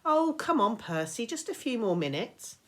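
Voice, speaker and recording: A woman voicing a quick, bossy teenage girl with a high, loud voice. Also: sing-song. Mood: dreamy.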